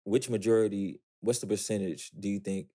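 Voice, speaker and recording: A man's voice: fairly low pitch, fairly even intonation, fairly quick, mellow. A young man hosting an interview, talking in a loose, slangy and profane way. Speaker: interview host. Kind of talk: casual interview conversation.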